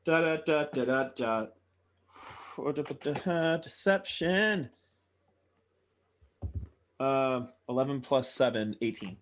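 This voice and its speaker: A man's voice: medium pitch, lively intonation, takes it slowly, long pauses, fairly bright tone. Casual, swearing male tabletop player. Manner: hesitant, filler-heavy, swears. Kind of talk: casual game chat.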